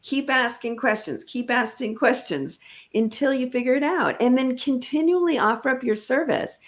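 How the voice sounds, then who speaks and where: A woman talking about leadership in a conversational interview, emphatic and coaching, with animated asides. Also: high-pitched, normal speed.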